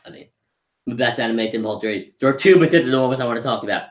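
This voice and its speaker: A man's voice: mid-range voice, racing. Rambling young man reviewing a movie. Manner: rambling, enthusiastic, restarting sentences. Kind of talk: casual live review. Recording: roomy echo.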